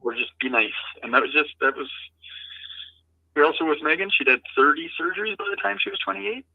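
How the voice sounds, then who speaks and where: A middle-aged man, a program founder, telling heartfelt stories in an interview, halting and earnest. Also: a little high, vocal fry, dry recording. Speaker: guest, founder of an adaptive lacrosse program. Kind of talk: interview storytelling. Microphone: remote call-in. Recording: tinny phone line, dry.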